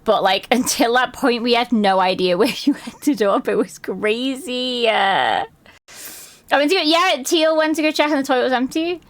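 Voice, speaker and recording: A woman chatting casually on a live stream, telling stories in a lively way and swearing and laughing often. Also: a little high, moderate pace.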